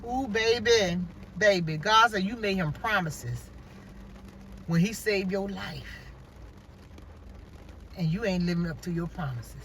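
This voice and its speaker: A woman's voice: medium pitch, slow pace, long pauses, slight background noise. A woman telling a story in a casual vlog rant, acting out quoted dialogue and exclaiming about God. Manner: animated, acts out quoted dialogue, religious exclamations. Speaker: vlogger. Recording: voice from far off the mic.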